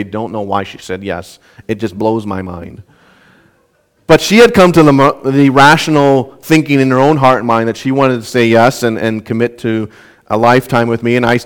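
Earnest young male preacher, smooth voice. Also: mid-range voice. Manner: earnest, repeats words when restarting. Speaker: pastor. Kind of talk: sermon.

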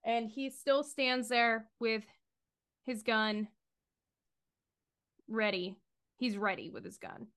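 A woman running a tabletop horror game as game master, narrating with animated, giggly energy. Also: on the high side, slow pace, long pauses, clear, resonant tone.

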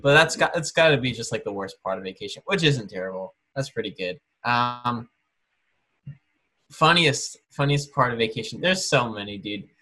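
A man with a bright, slightly tense voice co-hosts a casual podcast chat. He rambles loosely through a story, full of fillers, and slips into imitations of the people in it. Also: medium pitch, normal speed. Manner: relaxed storytelling with fillers and mimicry. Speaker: podcast co-host.

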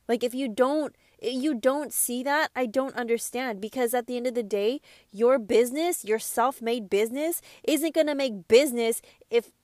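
A woman's voice: a little high, darkish tone, no room sound, clean studio sound. A young adult woman delivering an impassioned motivational monologue as a self-help speaker, emphatic and preachy, swearing freely.

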